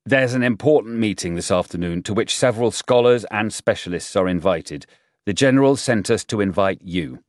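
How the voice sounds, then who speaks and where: A courteous, diplomatic army major, firm but polite, as a man reads him. Low voice, dry recording. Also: expressive, moderate pace, no echo, lightly acted.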